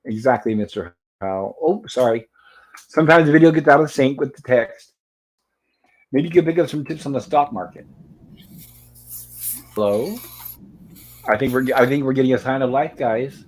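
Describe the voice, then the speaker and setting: A chatty man hosting a casual livestream from his bedroom at home. He talks at an even, middling pitch, recapping scenes with a steady stream of asides and "of course.". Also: normal speed, long pauses. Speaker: livestream host reviewing an old sitcom. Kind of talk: casual live-stream chat.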